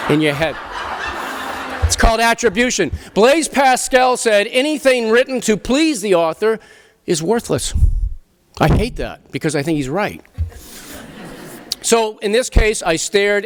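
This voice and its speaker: Emphatic middle-aged man, New speech. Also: a little high. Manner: emphatic, expressive, swears casually, frequent restarts. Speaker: author speaking at a literary festival. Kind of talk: animated talk and Q&A. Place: festival venue before an audience.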